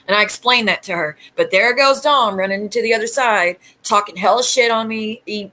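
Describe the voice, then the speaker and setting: Bright-voiced woman ranting on stream. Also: on the high side, a little fast, hardly any pauses, poor audio. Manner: aggrieved, rambling storytelling with quoted exchanges. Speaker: YouTube livestream host. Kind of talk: casual ranting livestream talk.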